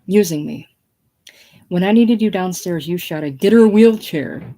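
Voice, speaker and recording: A woman's voice: lowish voice, unhurried, mellow. A woman reading the part of a faded, aging female film star, breathless and theatrical. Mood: bitter. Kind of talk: casual play reading.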